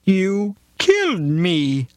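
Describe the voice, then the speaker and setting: A dying orange cat, self-pitying and accusing, drawling its words in a high, strange voice, as a man puts it on. The storybook delivery is slow and wailing, with a dry, close sound. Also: huge pitch swings, no echo, exaggerated voice.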